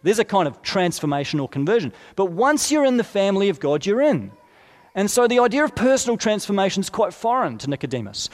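A man's voice: high-pitched, very animated, fast talker. A man preaching a sermon in a conversational, explanatory way, with asides and rhetorical questions. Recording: long hall reverb.

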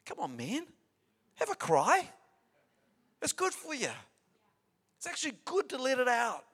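A pastor preaching a sermon in a conversational, emphatic way, often repeating words and adding asides. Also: male voice, very high voice, wildly swooping pitch, a little slow, a bit bright, breathy edge.

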